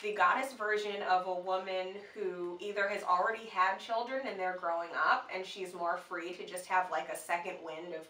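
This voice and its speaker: A woman's voice: lowish voice, steady tone, normal speed, few pauses, pushed and bright. A woman co-hosting a casual chat, talking loosely with lots of fillers. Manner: chatty, uses many fillers. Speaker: co-host. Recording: echoey room, mic at a distance.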